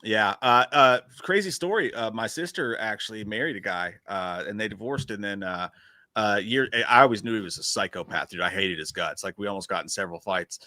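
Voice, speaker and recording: Male co-host, bright tone, dry close mic, laid-back, swears casually, reads viewer comments. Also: lowish voice, brisk, no echo. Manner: laid-back, profane, laughs easily. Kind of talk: casual live-stream chat.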